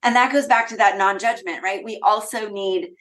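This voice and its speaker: A woman's voice: mid-range voice, steady tone, moderate pace, fairly bright tone, rough recording. A woman hosting a parenting podcast as a coach, speaking in an affirming, reflective way. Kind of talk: casual conversational interview.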